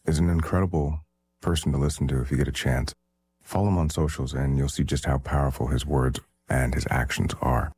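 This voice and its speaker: Deep-voiced, laid-back radio DJ man. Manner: relaxed, chatty, with fillers. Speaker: radio music host. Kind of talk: casual radio DJ patter. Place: Toronto, Canada.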